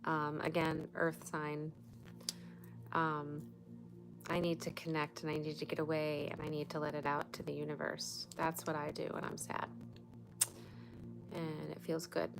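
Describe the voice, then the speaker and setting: A woman hosts a casual late-night livestream chat, giving spiritual advice frankly and loosely with some swearing while music plays behind her. Her voice is deep, completely flat and measured, with vocal fry and long pauses, on a rough recording.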